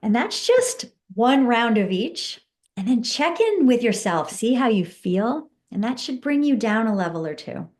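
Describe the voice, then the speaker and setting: A woman guest on a podcast, an empowerment coach calmly walking listeners through a tapping exercise and speaking affirmations. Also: on the high side, moderate pace. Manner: calm, instructive, soothing affirmations.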